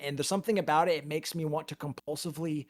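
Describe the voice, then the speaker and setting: Man, podcast host, higher voice, profane rambling stories. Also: fairly even intonation, quick pace. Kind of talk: casual storytelling.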